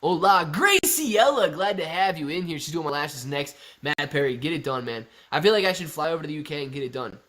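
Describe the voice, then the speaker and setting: A man's voice: on the high side, fast, hardly any pauses, fairly bright tone. A man hosting a casual live stream, chatting and joking as he reads viewer comments aloud.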